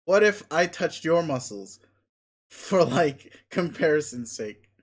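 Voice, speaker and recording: A man reading a webcomic aloud, voicing a boastful, crude, muscle-obsessed male creature who swears loudly and gives commands. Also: a little high, animated, slow. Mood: demanding. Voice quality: loud, bragging, swears constantly. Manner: bombastic, pushy, commanding.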